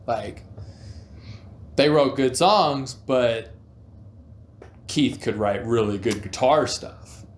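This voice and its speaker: A man co-hosting a casual debate chat, laid-back and quick to laugh. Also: medium pitch. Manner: laid-back, laughs easily, "you know" fillers. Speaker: co-host. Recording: roomy echo with faint music.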